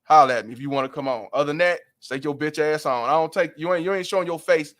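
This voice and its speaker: A man's voice: a little high, fast, a bit bright. A man hosting a livestream, ranting bluntly and profanely in heated commentary. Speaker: livestream host.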